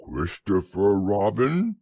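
A man voicing a gentle, slow-thinking teddy bear in a bedtime audiobook, musing and earnest. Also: lowish voice, very animated, creaky, dry recording, lo-fi sound, exaggerated voice. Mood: hushed.

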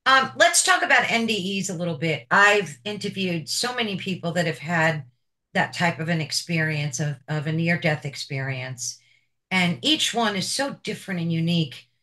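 A woman's voice: on the low side, animated, moderate pace, bright, forceful tone. A woman hosting an interview show, asking her guest questions in a chatty, personal way. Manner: chatty, personal, with filler repeats. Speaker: podcast host.

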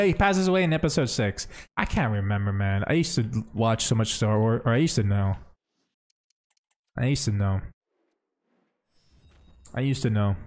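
Young guy streaming, chatty, thinks out loud, lots of bro and man. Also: medium pitch. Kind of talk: casual livestream commentary.

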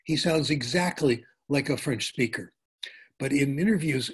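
An older man gives a talk in a relaxed, anecdotal way, wandering into stories and restarting his sentences. His voice has a slightly husky edge at an ordinary pitch. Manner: anecdotal, conversational with pauses and restarts. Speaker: linguistics speaker. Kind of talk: conference talk.

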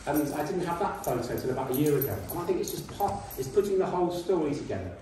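A man's voice: on the high side, expressive, rapid-fire, dark tone, slight background noise. A man giving an informal history talk with slides to a school audience, chatty with indignant asides and many ums. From Britain. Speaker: guest speaker. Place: school hall. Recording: echoey hall, distant mic.

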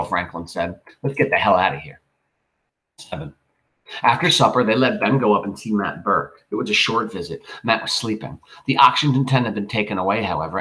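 Man reading a novel aloud, low voice. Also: a bit bright, low-quality recording. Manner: measured, unhurried reading with small restarts. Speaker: audiobook reader. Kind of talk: scripted narration of a horror novel.

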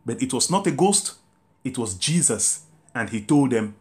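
A man, a Catholic priest preaching a meditative sermon with drawn-out, emphatic phrases. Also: mid-range voice, expressive, darkish tone.

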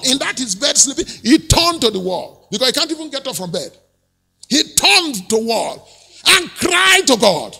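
A pastor delivers a sermon in a high, animated voice that swings from shouts to hushed asides. His tone is gravelly and husky, with a bright, sharp edge. The sound carries the long reverb of a large church hall. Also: moderate pace. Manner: preaching with shouted peaks and sudden drops to near-whisper.

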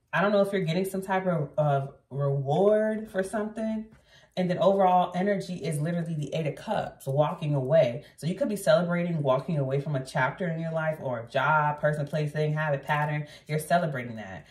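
A woman with a low voice gives a casual tarot reading indoors at night. She talks to her viewers in a blunt, chatty way and swears freely. The sound is roomy and echoey, and she sits a bit back from the mic. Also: a little mellow, distant mic. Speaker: tarot reader.

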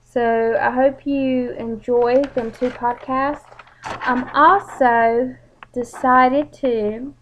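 A woman's voice: high-pitched, steady tone, drawn-out words, a bit bright, a little hiss or hum. A young woman, chatting casually and a bit rambling as she introduces her channel. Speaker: vlogger. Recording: dull lo-fi home recording.

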